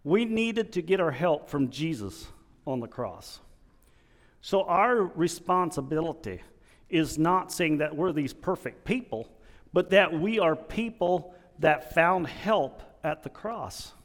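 A man preaching a sermon in an earnest, halting way, restarting his sentences often. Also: on the high side, expressive, long reverb tail.

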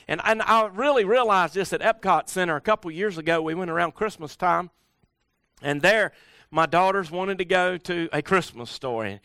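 A middle-aged man giving a folksy, animated motivational talk at a workshop, full of rhetorical questions. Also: high voice, dry recording, studio quality. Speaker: speaker at a workshop.

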